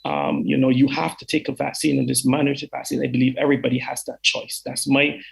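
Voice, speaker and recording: A man with a Barbadian accent, a health official answering a town hall question over a call, earnest and halting with many fillers and restarts. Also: mid-range voice, little pitch movement, vocal fry, breathy edge. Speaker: chief medical officer. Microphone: video call.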